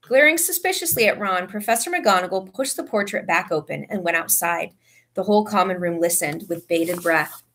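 A woman reading a story aloud with expressive narration. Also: on the low side, moderate pace. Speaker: audiobook reader.

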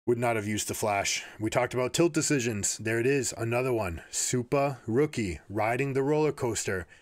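A man commentating on an esports match and giving coaching advice, energetic and repeating words as he explains. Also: mid-range voice, no room sound. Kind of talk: game analysis with coaching advice.

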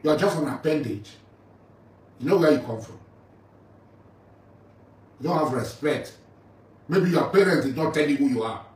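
A man's voice: a little high, animated, normal speed, pauses often, a little mellow. A middle-aged man with a Nigerian English accent, delivering an angry, mocking rant at a rival. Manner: taunting, confrontational, mocking. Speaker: militant leader addressing a rival. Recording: roomy, distant mic with faint ambient noise.

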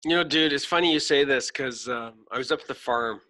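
A man hosting a podcast, telling an animated story in casual chat, swearing freely and acting out voices. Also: mid-range voice, fairly quick. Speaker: podcast host.

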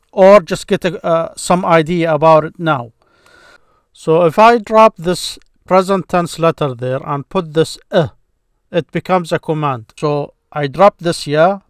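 A man with a slightly high voice teaches a grammar lesson, walking through each rule step by step. He restarts a word now and then as he explains. The recording is close and dry, with no room sound. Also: no echo.

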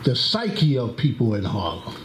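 A man introducing a lecture in a mosque hall, telling stories in a deliberate, drawn-out way and acting out the quotes. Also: medium pitch, wildly swooping pitch, a bit bright. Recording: echoey hall with faint background noise.

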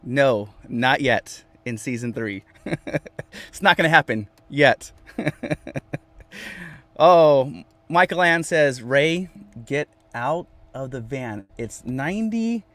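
A man's voice: medium pitch, slow pace, long pauses, dry recording. Chatty man livestreaming from his van. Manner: animated, repeats himself, talks to viewers by name. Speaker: vlogger reading live chat. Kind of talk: casual livestream chat. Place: inside a van.

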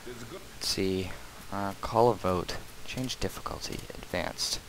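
A man giving casual let's-play commentary, muttering asides and then yelling loud bursts at the enemies he fights. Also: on the low side, slow pace, crowd noise, low-quality recording. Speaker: gameplay commentator. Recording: faint game noise behind.

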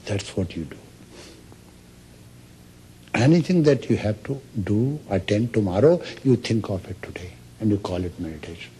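A man's voice: fairly low pitch, expressive, normal speed, pauses often, mellow, slight background noise. A man giving a lecture on meditation as a spiritual teacher, telling stories and acting out the quoted speech. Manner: storytelling, acts out quoted speech.

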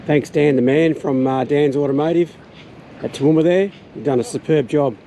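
A man's voice: a little high, moderate pace, dark tone, slight background noise. A middle-aged Australian man chatting casually while filming his beach campsite, laid-back and full of slang. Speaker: camping vlogger. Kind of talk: casual outdoor vlog chat.

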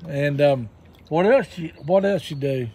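A man's voice: fairly high pitch, a little slow, a crowd in the background. A man in casual chat who asks questions and repeats the answers back. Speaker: interviewer.

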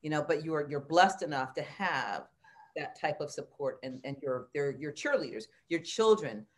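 A woman's voice: sits low, lively intonation, normal speed. A woman hosting a podcast, asking questions and affirming her guest in an encouraging way. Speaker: podcast host. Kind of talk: casual interview chat.

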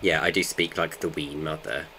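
A streamer with a bass voice jokes and banters with his chat while playing a game in a casual live session. His tone is bright and forceful with fairly even intonation and a moderate pace, and the recording carries a little hiss or hum.

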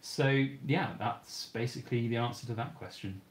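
A man's voice: medium pitch, normal speed. A man with a British accent hosting a livestream, reading viewer questions aloud and answering in an easygoing, conversational way. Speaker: channel host.

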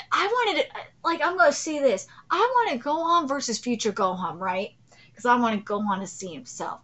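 Woman in her 30s doing a live manga reaction, high voice, super hyped then ranting low, swears a lot. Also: moderate pace. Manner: swings from loud gasping excitement to low ranting, heavy swearing. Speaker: channel host reacting to a manga chapter.

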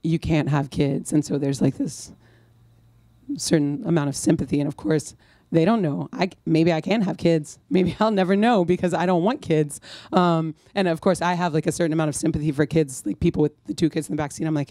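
A woman's voice: low voice, fairly even intonation, a little fast, warm tone, dry recording. Dry, rambling woman author at a talk. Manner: rambling, self-mocking storyteller with many restarts. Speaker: author at a bookstore event. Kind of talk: conversational Q&A and anecdote. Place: bookstore event before an audience.

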